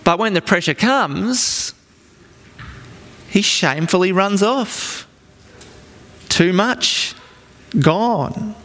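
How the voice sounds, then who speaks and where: A man preaching a sermon in an earnest storytelling manner with dramatic pauses. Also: high-pitched, expressive, bright, forceful tone. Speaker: pastor. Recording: long reverb from a large hall.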